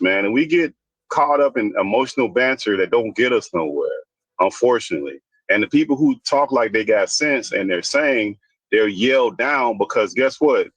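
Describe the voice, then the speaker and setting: Blunt ranting man, husky voice. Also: lowish voice, no room sound, rough recording. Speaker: commentator. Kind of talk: opinionated casual commentary.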